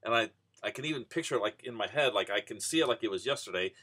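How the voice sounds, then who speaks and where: A man's voice: fairly low pitch, lively intonation, quick pace, sharp tone, husky. A man casually telling a rambling personal story, full of "you know" and restarts. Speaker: vending business vlogger.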